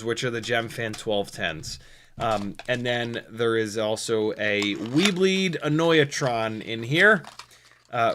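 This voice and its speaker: A man's voice: mid-range voice, sharp tone. An American man hosting a drone live stream, chatting casually and reading viewer comments aloud, with many ums and restarts. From United States.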